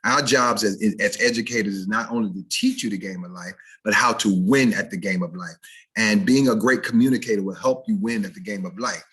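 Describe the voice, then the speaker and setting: Lecturing over a video call, this diction educator from the Southern United States speaks fairly fast in a lowish, slightly husky voice. He's lively, slipping into casual dialect to illustrate a point, then switching back to precise speech.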